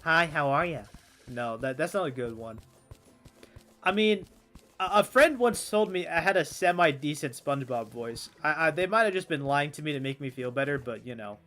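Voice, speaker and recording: A hoarse man in his twenties chatting casually while playing a game, rambling with stammered restarts and frequent swearing. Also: fairly high pitch, expressive, a little fast, a bit bright, soft background music. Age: 20s. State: hoarse, strained voice. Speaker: gaming streamer.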